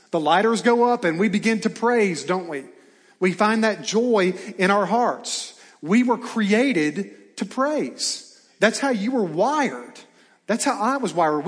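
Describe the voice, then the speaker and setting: High-voiced preaching man in reverberant hall. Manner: preaching with rhetorical questions, reading scripture aloud. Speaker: pastor. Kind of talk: sermon.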